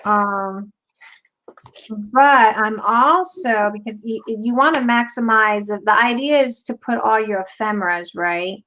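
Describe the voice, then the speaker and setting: A woman's voice: fairly high pitch, measured pace, bright, forceful tone, muffled recording. A woman hosting a craft tutorial, chatting casually and teasing playfully as she works. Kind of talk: casual demo while crafting.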